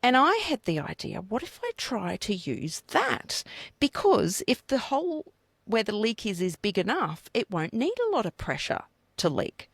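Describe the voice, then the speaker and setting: Medium-pitched with a breathy edge, an Australian woman talks at a moderate pace, recorded with no room sound. She co-hosts a casual chat podcast, telling animated, blunt stories full of swearing.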